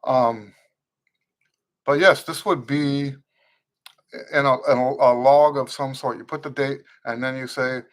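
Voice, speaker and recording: Speaking a little slowly with long pauses, a man with a medium-pitched, fairly evenly intoned voice hosts an unscripted trumpet Q&A live stream. He teaches earnestly, repeats key points for emphasis, and reads viewer comments aloud while greeting each person.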